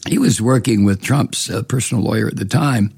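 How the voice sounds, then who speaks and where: A man's voice: lowish voice, animated, fairly quick, creaky, a little mellow, slightly rough, no echo, studio quality. A man hosting a political commentary show, delivering a profane, scornful monologue with heavy emphasis.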